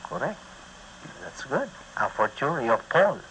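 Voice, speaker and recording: A man with a Filipino accent preaches in a bright, lively voice that rises and falls widely, and he takes his time over each phrase. His delivery is emphatic, and he keeps asking his listeners to agree. A faint hiss from an old recording sits under his voice. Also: medium pitch, unhurried, poor audio. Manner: emphatic, switches between English and Visayan, asks the listeners questions. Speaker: Bible study teacher. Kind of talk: Bible study sermon.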